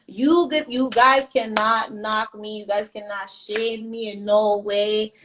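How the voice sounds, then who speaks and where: A woman's voice: mid-range voice, steady tone, slow, noisy background. A young woman telling her side in a story time rant, blunt and defiant, swearing often and repeating herself for emphasis. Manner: blunt, defiant, heavy profanity. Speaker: vlogger.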